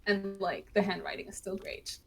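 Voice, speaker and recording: A woman's voice: mid-range voice, normal speed, creaky, over music. A woman guest player narrating her character in a tabletop game, rambling and enthusiastic.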